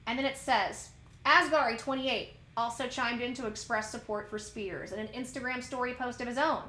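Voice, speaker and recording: A woman's voice: on the high side, moderate pace, sharp tone, echoey room, slight background noise. A woman vlogger who reads out celebrity news and then breaks into a heated, ranty commentary, firing questions at her viewers. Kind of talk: news reading turning into a rant.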